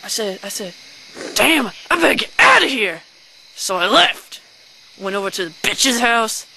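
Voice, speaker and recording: Someone playing a slow, gravelly, hot-tempered man. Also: mid-range voice, very animated, pushed and bright, heavily acted, low-quality recording. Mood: ranting. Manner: ranting, threatening, swears. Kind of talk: amateur sketch reenactment.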